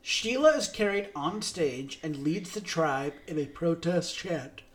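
Guy cohost reading credits and plot off a script, steady, voice a bit on the high side. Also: unhurried. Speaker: podcast co-host. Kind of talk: reading a show synopsis.

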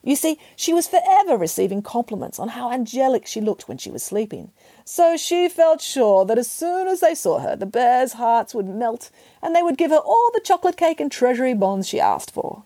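A woman's voice: high voice, big pitch swings, moderate pace, mellow, no echo, voice pushed up, full character voice. A woman voicing a mischievous grandmother who tells a wicked bedtime tale with theatrical relish. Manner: playful, theatrical, relishing gory details. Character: cheeky storytelling grandmother, mischievous.

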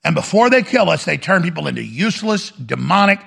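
Gravelly fired-up male talk host. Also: fairly high pitch, very animated, brisk, a bit bright. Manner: urgent, fiery, repetitive. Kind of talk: impassioned monologue.

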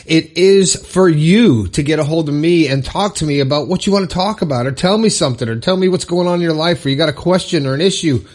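A man's voice: a little high, quick pace, few pauses, a little mellow. A man hosting his own motivational podcast alone, talking casually and upbeat with frequent fillers and asides. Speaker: podcast host. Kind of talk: solo motivational podcast monologue.

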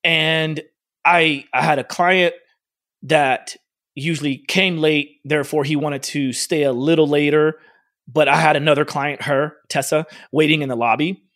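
A man with a slightly high voice tells a story from his work as a fitness trainer. He talks casually and animatedly, dropping plenty of "like" and acting out what people said. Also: unhurried, dry recording, clean studio sound. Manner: animated, acts out quoted dialogue, frequent "like". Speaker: fitness studio owner and trainer.

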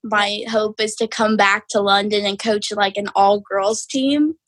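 A woman's voice: mid-range voice, steady tone, measured pace, a bit bright, slightly rough, no room sound. A teenage girl, answering interview questions in an easygoing way, full of "like" fillers. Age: teens. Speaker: guest, high school wrestler.

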